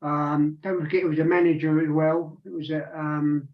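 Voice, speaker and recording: A man's voice: fairly high pitch, flat delivery, moderate pace. A man in his sixties chatting casually on a radio show, rambling with lots of restarts and asides. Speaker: regular panelist. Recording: dull lo-fi sound.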